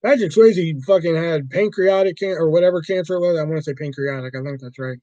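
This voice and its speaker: A man's voice: fairly high pitch, fast talker, mellow, no room sound, lo-fi sound. A man hosting a livestream, chatting casually about movies in a rambling, profane way. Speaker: livestream host.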